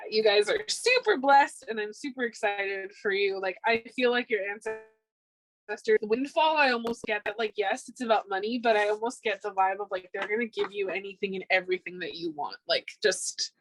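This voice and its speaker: A woman's voice: mid-range voice, animated, moderate pace, fairly bright tone, no room sound, poor audio. A woman giving a casual pick-a-card tarot reading, upbeat and chatty, with frequent ums. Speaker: tarot reader.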